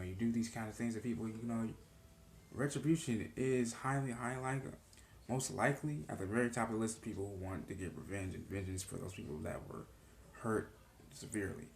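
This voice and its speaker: In a reverberant space with a faint hiss or hum, a man with a low, creaky, somewhat mellow voice talks through a TV episode for his reaction vlog. His tone is earnest and emotionally charged, and his rambling is full of "you know" fillers.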